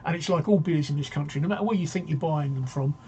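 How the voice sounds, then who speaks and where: A man's voice: a little high, quick pace, darkish tone, slight background noise. A man hosting a casual live-stream talk show, rambling and joking as he reads out viewer comments.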